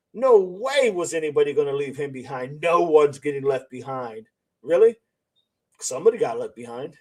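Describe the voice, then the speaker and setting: A man with a fairly high voice hosts a live-stream commentary. He talks skeptically, circling back to the same points and throwing out rhetorical questions. Now and then he reads comments from viewers aloud. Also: rough recording. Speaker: channel host.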